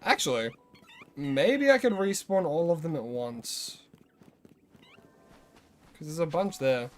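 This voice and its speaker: Chatty Australian man, fairly high voice. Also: expressive, slow, slight background noise. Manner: chatty, greets viewers, rambles and corrects himself. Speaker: live streamer. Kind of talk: casual live-stream chat while playing.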